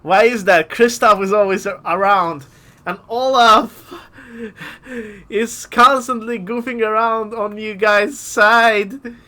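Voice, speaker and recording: A calm young queen speaks slowly to her sister, as a man reads her lines aloud. His voice is high and bright for a man. The pace is measured, with barely any change from his own voice. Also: exaggerated voice. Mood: reassuring.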